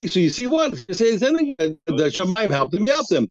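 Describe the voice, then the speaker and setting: A man teaching a daf yomi Talmud class, acting out both sides of the argument with halting restarts. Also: high voice, very animated, highs cut off.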